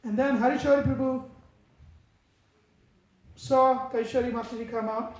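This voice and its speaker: A man giving a devotional lecture and telling stories in a measured way. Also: very high-pitched, steady tone. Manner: measured, acts out quotes in the stories. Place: temple hall. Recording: very echoey hall.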